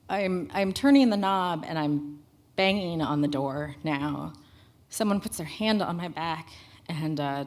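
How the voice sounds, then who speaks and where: A woman telling a candid first-person story on stage at a live storytelling show, in a plain conversational way. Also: fairly low pitch. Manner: candid, conversational, matter-of-fact.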